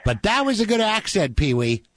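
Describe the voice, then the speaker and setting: A man's voice: high-pitched, sing-song, normal speed, dry recording. Joking male radio host, dry close sound. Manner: joking, chatty. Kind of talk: casual radio chat.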